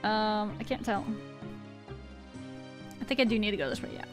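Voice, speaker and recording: A woman's voice: medium pitch, animated, moderate pace, music in the background. A woman in her thirties streaming a game, chatting casually and rambling as she answers her chat, with a slightly sick voice.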